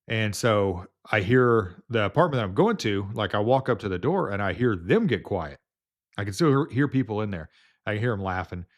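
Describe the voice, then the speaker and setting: A man working as a home health nurse, casually telling a story in a rambling way, full of fillers and restarts. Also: fairly low pitch.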